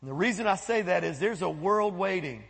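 A man preaching a sermon as pastor, animated, breaking into quoted voices and asides. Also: high voice, a little fast, vocal fry, breathy edge, big-room sound. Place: church sanctuary.

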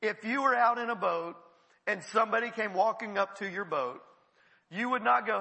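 Gravelly bright-voiced pastor. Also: male voice, sits high, moderate pace. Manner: animated storytelling, acts out quoted voices. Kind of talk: sermon with personal stories. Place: large church hall. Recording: long hall reverb.

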